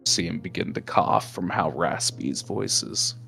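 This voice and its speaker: A man's voice: low-pitched, lively intonation, normal speed, gravelly, bright, forceful tone, soft background music. A man running a tabletop game as game master, narrating the scene with many fillers and self-corrections.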